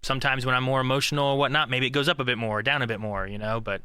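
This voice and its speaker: A man's voice: mid-range voice, steady tone, rapid-fire, sharp tone, clean tone, no room sound. A man co-hosting a podcast in casual chat, rambling with many fillers and restarts. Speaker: podcast co-host.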